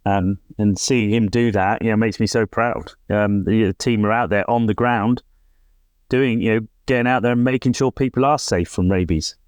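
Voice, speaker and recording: Man, charity worker, rambling filler-heavy chat, low and clear. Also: steady tone, normal speed, dry recording. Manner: rambling, filler-heavy, warm about his team. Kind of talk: casual interview chat.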